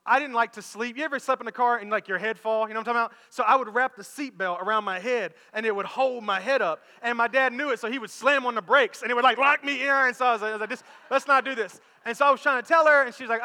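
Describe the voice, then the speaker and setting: A man in his thirties, a pastor preaching a sermon, telling a lively story to his church. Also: high voice, long reverb tail. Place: church auditorium.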